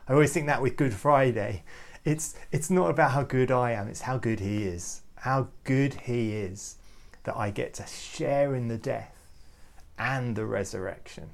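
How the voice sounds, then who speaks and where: A man giving an earnest, reflective devotional talk to youth leaders, often halting and repeating words as he goes. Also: medium pitch, creaky. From United Kingdom. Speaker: youth ministry speaker.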